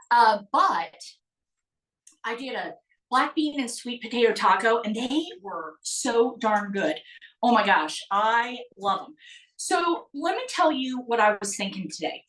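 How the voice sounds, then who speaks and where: A woman's voice: fairly high pitch, a bit bright, reverberant, distant mic, poor audio. A woman teaching a live online cooking class, bubbly and chatty, greeting viewers by name as she cooks.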